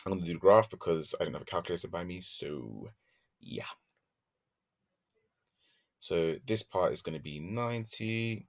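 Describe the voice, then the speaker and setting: A man teaching a maths lesson, working through examples step by step and thinking aloud as he goes, humming softly while he draws graphs. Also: sits low, fast, few pauses.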